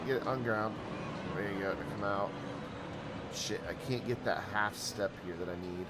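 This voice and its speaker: A man's voice: fairly low pitch, animated, normal speed, very noisy. A man hosting a let's play, giving casual gameplay commentary, talking back to the game and swearing when frustrated.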